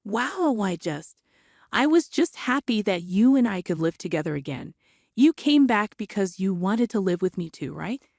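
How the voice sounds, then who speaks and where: A woman's voice: medium pitch, big pitch swings, normal speed, a little mellow, no echo, clean studio sound. Brief: woman as a timid, clinging mother, mumbled pleading. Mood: meek. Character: meek older mother who mumbles, clinging.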